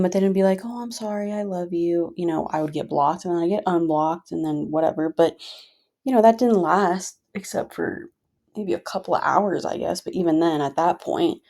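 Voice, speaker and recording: A woman's voice: on the low side, gravelly, mellow. A woman vlogger venting casually to her viewers, frustrated and rambling with many fillers.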